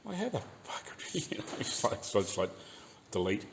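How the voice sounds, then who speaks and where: A man's voice: lowish voice, big pitch swings, moderate pace, creaky, noisy background. A man with a New Zealand accent ranting casually in his garage workshop, swearing freely and laughing often. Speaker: car restoration YouTuber. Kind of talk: casual rant while working in garage.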